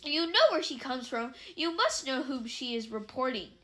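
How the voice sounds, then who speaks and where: A brisk, strict older female professor snaps clipped questions in a high, bright voice, as a woman reading a novel aloud plays her. This is storybook dialogue, sharp and no-nonsense. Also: expressive. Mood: stern.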